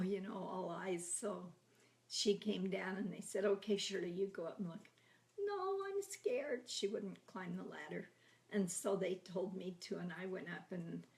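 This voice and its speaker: Chatty grandmother in her eighties, gravelly. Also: medium pitch. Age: 80s. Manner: chatty, laughing, drifting into soft half-whispers. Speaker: grandmother telling her life story. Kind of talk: casual oral history reminiscing.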